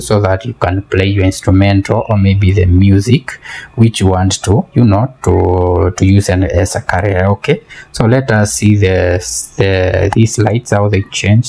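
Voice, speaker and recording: A man's voice: deep voice, warm tone, a little hiss or hum. A man giving a casual product demo and review, explaining step by step and often repeating words as he hesitates. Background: faint music playing.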